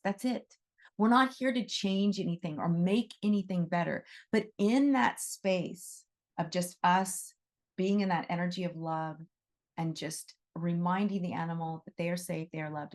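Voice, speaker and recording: Woman, middle-aged, low-pitched, effusive teaching talk, repeats herself for emphasis. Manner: effusive, animated, repeats phrases. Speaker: animal reiki teacher.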